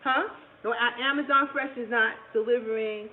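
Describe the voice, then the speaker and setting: A woman's voice: a little high, fairly even intonation, moderate pace. A woman hosting a home cooking livestream, chatting with viewers, laughing often. She is recorded in her kitchen with faint background noise. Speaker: cooking channel host. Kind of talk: casual cooking livestream chat. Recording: tinny phone-like audio with faint noise.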